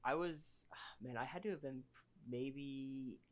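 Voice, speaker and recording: A man's voice: medium pitch, slow pace. A young man in casual chat, joking and teasing his friend. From St. Louis area, US.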